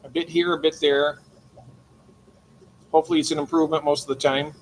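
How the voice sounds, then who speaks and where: Very animated and a little fast, an older man hosts a late-night livestream from his aquarium room. His slightly high voice has vocal fry as he chats and warmly greets viewers by name. There's a touch of hiss or hum.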